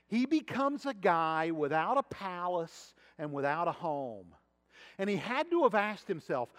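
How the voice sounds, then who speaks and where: A man's voice: high-pitched, long reverb tail. A man preaching a sermon as pastor, talking conversationally and asking his listeners questions.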